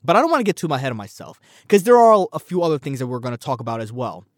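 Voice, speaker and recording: A man hosting a solo commentary podcast, rambling and animated, swearing freely as he talks. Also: mid-range voice, very fast, dry recording, studio quality. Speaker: podcast host.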